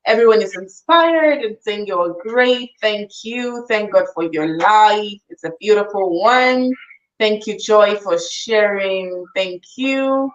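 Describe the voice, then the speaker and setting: A woman hosts a live online talk show. She keeps thanking and blessing her guest in an effusive way. Her recording sounds slightly dull and lo-fi. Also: medium pitch. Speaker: host.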